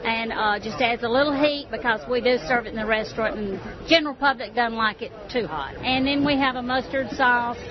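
A woman's voice: a little high, fairly quick, hardly any pauses. A woman from Alabama explaining her restaurant's food in a matter-of-fact, proud way during a casual interview. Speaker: barbecue restaurant representative. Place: outdoor festival crowd. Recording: muffled radio recording amid crowd.

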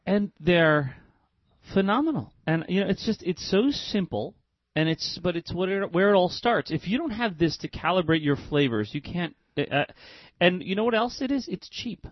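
A man's voice: sits high, sing-song, moderate pace, no echo, highs cut off. A man co-hosting a radio food show, joking and teasing his partner while he talks about fresh produce. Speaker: radio show co-host, chef. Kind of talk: casual radio banter. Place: radio studio.

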